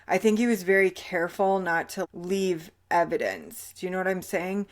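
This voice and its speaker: A woman hosting her own show and telling her personal story in a candid, slow, halting way that often drops quiet. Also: lowish voice. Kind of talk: personal testimony.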